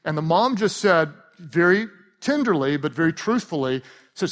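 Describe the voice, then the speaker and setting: A male pastor giving a lively, joking sermon to his church congregation. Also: on the high side, fairly quick. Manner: animated, joking preacher.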